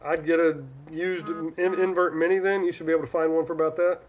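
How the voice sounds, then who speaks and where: A man from Northern California chats through a relaxed live stream, reading out viewer questions and answering them one by one. His voice sits a little high for a man, and he rambles, trailing off and restarting his sentences. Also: a little fast, slight background noise. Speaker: livestream host.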